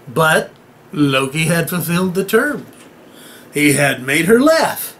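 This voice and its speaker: A man's voice: fairly high pitch, big pitch swings, takes it slowly, fairly bright tone. A man telling an old myth as a comic, irreverent story, joking and talking straight to the audience. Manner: acts out voices and noises in the tale.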